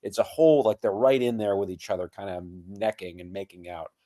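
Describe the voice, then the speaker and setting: A man from Minnesota co-hosting a podcast, chatting casually in a measured, reflective way. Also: fairly low pitch, dark tone. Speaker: podcast co-host.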